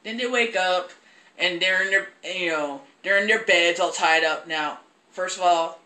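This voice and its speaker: A young woman giving a profane, rambling, animated casual review of a film. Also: fairly low pitch, unhurried, roomy sound.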